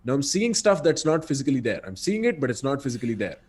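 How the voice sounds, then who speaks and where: A man from Delhi, thinking aloud in quick, reflective casual chat. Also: medium pitch, very animated, darkish tone, breathy edge. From Delhi, India. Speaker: podcast guest.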